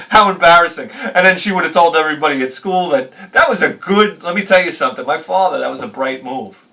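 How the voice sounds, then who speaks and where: Bright-voiced, fired-up storytelling man. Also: fairly high pitch, a little fast, vocal fry, far from the mic. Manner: animated, profane, laughs at his own stories. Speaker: retro game channel host. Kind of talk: rambling storytelling review.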